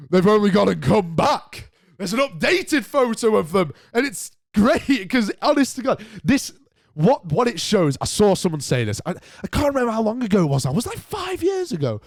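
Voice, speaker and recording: A man's voice: sits high, no room sound, studio quality. A young man with a Northern English accent hosting a casual solo podcast, chatty and jokey, rambling through his points with restarts. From Northern England. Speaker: podcast host.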